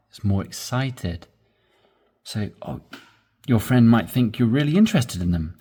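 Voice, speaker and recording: A man's voice: medium pitch, expressive, measured pace, long pauses, warm tone, breathy edge. A man teaching an English conversation lesson, explaining in a patient, encouraging way.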